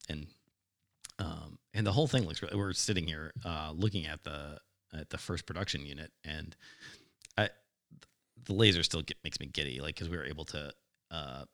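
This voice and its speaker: A man's voice: rumbling low, normal speed, creaky, sharp tone. A man co-hosting a casual talk show, telling a rambling workshop story with lots of fillers and frequent laughs. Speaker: podcast co-host.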